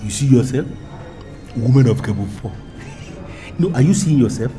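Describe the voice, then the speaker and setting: A man's voice: mid-range voice, expressive, moderate pace, mellow, soft background music, natural voice. An actor with a Nigerian English accent playing a domineering man who threatens his lover in grandiloquent, repetitive speech. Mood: threatening. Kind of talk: Nollywood film acting.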